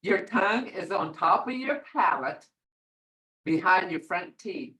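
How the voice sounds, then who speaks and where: A woman's voice: fairly low pitch, animated, measured pace, a bit bright, low-quality recording. An older woman teaching a beginner language class over a video call, patiently repeating words to model their tones.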